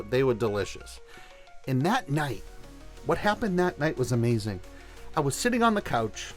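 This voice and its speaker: A man hosting a podcast, telling stories in an animated, conversational way and acting out the quotes. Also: mid-range voice. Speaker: podcast host. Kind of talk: podcast storytelling.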